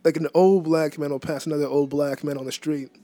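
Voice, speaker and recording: A man's voice: on the high side, moderate pace, dry recording. Laughing older man telling stories. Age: 60s. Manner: laughs often while telling anecdotes, relaxed drawl. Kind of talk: casual storytelling chat. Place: lives in a Boston neighborhood.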